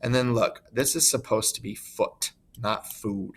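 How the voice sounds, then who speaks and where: A man teaching a recorded lesson in an informal, conversational tone, with his voice sitting at an ordinary middle pitch. He thinks aloud, fills pauses with ums and you-knows, and corrects himself mid-sentence. When he gets to example words, he slows down and leans on the stressed syllables. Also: breathy edge. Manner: sounds out stressed syllables slowly to demonstrate.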